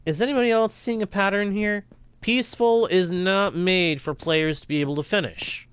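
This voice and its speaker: A man's voice: high-pitched, steady tone, normal speed, fairly bright tone, clear, resonant tone. A young man talking casually over his own gameplay as a streamer, reacting aloud to what happens on screen. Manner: chatty, reacts aloud while playing. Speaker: gaming streamer.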